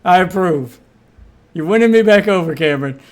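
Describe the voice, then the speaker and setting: A man's voice: high voice, animated, moderate pace. A man streaming live, reacting to a video with offhand, profane asides. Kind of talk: casual live reaction commentary.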